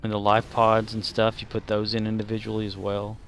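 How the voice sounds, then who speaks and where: A man from the Southern United States streams a game with casual, rambling, jokey commentary heavy on fillers. His voice is on the low side, monotone, and brisk, and the recording has a little hiss or hum.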